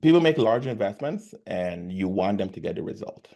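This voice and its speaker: Low-voiced man talking sales calls. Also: moderate pace, gravelly. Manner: animated, acts out sales calls. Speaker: sales coach. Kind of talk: casual conversation.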